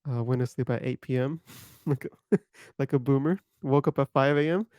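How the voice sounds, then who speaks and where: Male co-host, casual chat, earnest explainer, mid pitch, dry close mic. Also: normal speed, a little mellow, clear, resonant tone, no room sound. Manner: earnest, explains at length, laughs easily. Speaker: podcast co-host.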